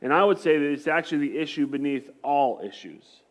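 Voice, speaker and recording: A man's voice: a little high, lively intonation, brisk, dull audio. A male pastor preaching in a conversational style, hammering his points home with emphatic repetition. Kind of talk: sermon.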